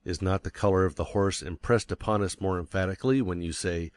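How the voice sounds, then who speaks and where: A man reading a nonfiction book aloud as an audiobook narrator, measured and stressing key words. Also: deep voice, no echo. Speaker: audiobook reader. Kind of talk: scripted narration.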